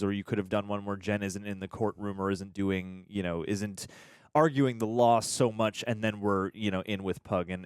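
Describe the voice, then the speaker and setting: Low-voiced man in a casual review chat. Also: clear, resonant tone, no echo, studio quality. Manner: rambling, with many "like"s and restarts. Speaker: co-host of a TV reaction show.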